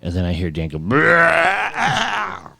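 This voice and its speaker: A man's voice: fairly low pitch, lively intonation, moderate pace, darkish tone, no room sound, clean studio sound. A middle-aged man, a guest musician, telling a rambling story in casual chat and laughing often.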